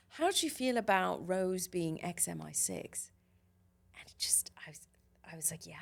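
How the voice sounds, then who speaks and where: Gravelly, low-voiced woman, chatty guest. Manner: chatty and enthusiastic, with laughs and fillers. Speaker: actress guest. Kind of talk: casual interview chat.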